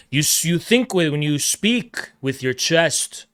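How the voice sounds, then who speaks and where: A man's voice: lively intonation, takes it slowly, few pauses, fairly bright tone, no room sound, clean studio sound. Brash lecturing streamer man. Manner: lecturing, mocking, swings to booming theatrical declaiming. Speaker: livestream host taking callers. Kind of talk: combative call-in debate.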